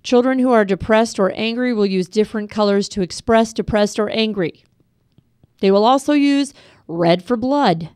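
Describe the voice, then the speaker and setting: A middle-aged woman giving a parenting class over a webcast, calm and practical, speaking straight to parents with advice. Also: mid-range voice, normal speed, smooth, dry recording, clean studio sound. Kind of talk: instructional webcast talk.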